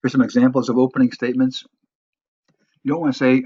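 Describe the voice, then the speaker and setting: Man giving a halting sales lecture. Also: medium pitch, level tone, mellow, husky, no echo. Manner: halting, many restarts and fillers. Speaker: sales trainer. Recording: muffled, dry lo-fi recording.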